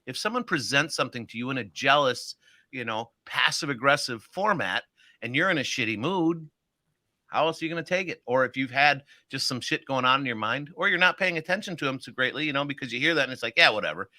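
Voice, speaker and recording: Bright-voiced talkative man co-hosting. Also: mid-range voice, fast, no echo. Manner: talkative, animated, acts out inflections. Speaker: co-host. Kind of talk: casual live chat show.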